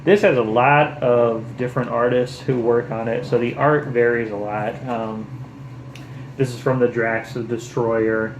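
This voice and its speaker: A man's voice: mid-range voice, reverberant, a little hiss or hum, poor audio. A man chatting casually about books he picked up, enthusiastic and rambling, with lots of fillers. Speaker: book vlogger. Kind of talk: casual show-and-tell chat.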